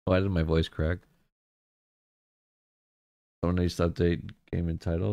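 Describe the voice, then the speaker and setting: A man's voice: low-pitched, flat delivery, a little slow, vocal fry, pauses often, mellow, smooth. A man streaming live, chatting casually and greeting viewers one by one. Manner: chatty, greets viewers by name, laughs easily.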